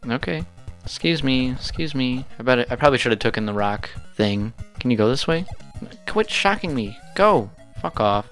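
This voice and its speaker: A man's voice: medium pitch, brisk, faint music behind. A young man, hosting a retro gaming channel and swearing at the game in casual, frustrated commentary.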